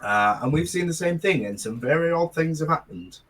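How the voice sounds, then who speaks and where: A man's voice: fairly high pitch, expressive, brisk, a bit bright, low-quality recording. A man running a tabletop role-playing game as game master, talking hesitantly with many fillers and restarts. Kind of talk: narrating a tabletop game and voicing a mage.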